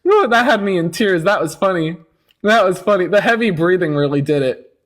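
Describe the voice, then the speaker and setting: A man hosting a casual livestream debate. His voice sits a bit high, and his delivery is teasing and sarcastic. He scolds callers in a mocking, talking-down tone. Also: expressive, a little fast, a bit bright.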